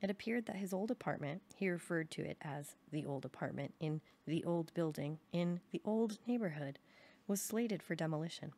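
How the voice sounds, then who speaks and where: A young adult woman calmly reading a novel aloud in an even storytelling manner. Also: sits low, moderate pace. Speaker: reader.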